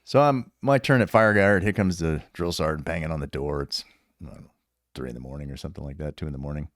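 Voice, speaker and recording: A man in his fifties, a retired sergeant major and podcast guest, telling stories casually with an animated, profane manner and lots of laughter. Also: rumbling low, fast talker, no room sound, studio quality. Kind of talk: casual storytelling.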